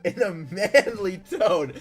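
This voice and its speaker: Animated high-voiced male streamer. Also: slow, faint music behind. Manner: breaks into laughter and mock-indignant outbursts while reading. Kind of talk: reading viewer stories aloud on a live stream.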